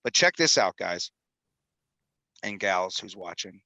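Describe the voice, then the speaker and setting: A man's voice: deep voice, expressive, takes it slowly, bright, forceful tone, no room sound, low-quality recording. A man in his fifties, a film executive producer, talking energetically and a bit rambling as a podcast guest. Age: 50s. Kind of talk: animated podcast interview talk. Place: studio in Utah.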